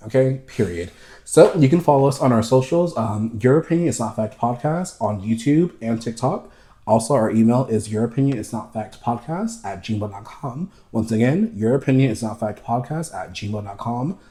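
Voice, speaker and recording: A man hosts a casual podcast, ranting emphatically and swearing freely. He slips into campy, mocking impressions to make his point. His voice has a mellow, warm color. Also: mid-range voice, expressive, moderate pace. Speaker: podcast host. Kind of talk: casual chat.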